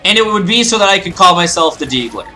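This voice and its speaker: A man's voice: high voice, animated, fast, bright, forceful tone, faint music behind. A young Canadian man rambling casually while playing a video game, breaking into goofy exclamations. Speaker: gaming video host. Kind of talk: casual let's-play commentary.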